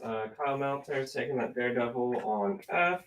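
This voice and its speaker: Man, easygoing co-host, mid pitch, off-mic with faint noise. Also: expressive, normal speed, creaky, far from the mic. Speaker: co-host tracking claims. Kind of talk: casual chat.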